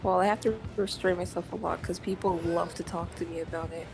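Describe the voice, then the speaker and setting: A woman's voice: fairly low pitch, steady tone, fairly quick, vocal fry, over music. A woman chatting casually on a stream, blunt and teasing, rambling with many fillers. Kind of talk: casual chat.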